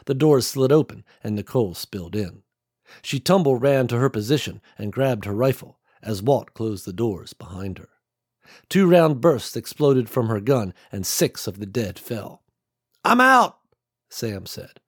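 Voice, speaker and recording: Husky male audiobook narrator. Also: mid-range voice, lively intonation, dark tone, dry recording, studio quality. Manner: measured, dramatic storytelling.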